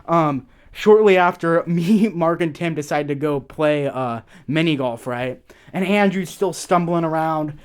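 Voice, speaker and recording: A man's voice: on the high side, clear, resonant tone. A young man telling a story in a rambling, casual way, swearing a lot and tagging his lines with "okay?".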